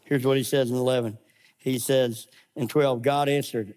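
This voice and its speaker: A middle-aged male pastor preaching a sermon, animated and acting out voices in his stories. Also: medium pitch, brisk. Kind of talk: sermon with scripture reading.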